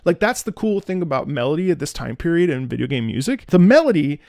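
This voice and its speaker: An enthusiastic opera singer talks through game music with a bouncing, expressive voice that rides a bit high for a man. He fills his talk with casual fillers and bursts into scatted melodies. The sound is dry and close, with faint music underneath. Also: quick pace, no echo. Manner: enthusiastic, scats melodies aloud, many fillers. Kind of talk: casual music reaction commentary.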